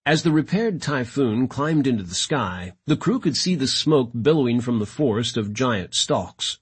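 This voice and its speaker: Husky, expressive male narrator. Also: mid-range voice, normal speed. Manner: dramatic, expressive reading. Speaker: audiobook narrator. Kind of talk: scripted narration.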